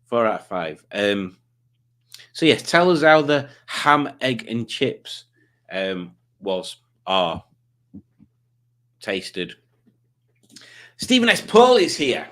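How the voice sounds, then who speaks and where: A man's voice: medium pitch, sing-song, slow pace, long pauses, a bit bright. Rambling Yorkshire man hosting a stream. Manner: rambling, self-deprecating, chatty. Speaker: live stream host. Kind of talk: casual chat reading comments.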